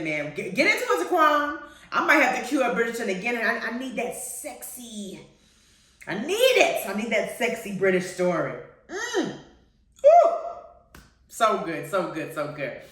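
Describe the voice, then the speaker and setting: Animated woman in an echoey room. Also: mid-range voice. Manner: animated, playful, laughing often. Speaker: radio show host. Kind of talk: casual chat reviewing TV shows. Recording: very echoey, far from the mic.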